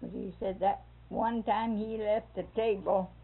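A woman's voice: mid-range voice, steady tone, measured pace, vocal fry, slight background noise. An older woman, telling a folksy family story in a casual way and laughing as she goes. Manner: laughs through her story, folksy dialect. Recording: tinny phone-like recording.

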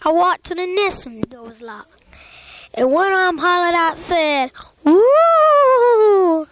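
A child telling a rambling spooky story aloud, full of sound effects and little laughs. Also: female voice, extremely high pitch, lively intonation, moderate pace, a bit bright.

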